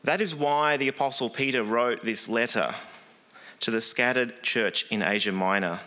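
A man's voice: medium pitch, moderate pace, pushed and bright. A man preaching a sermon in an earnest, conversational way, with frequent fillers.

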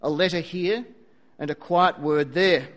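A preacher telling a story from the pulpit, a man with a notably high voice. He slows down and speeds up for effect and drops in dry little asides. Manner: lively storyteller with dry asides, varied pace. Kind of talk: storytelling sermon.

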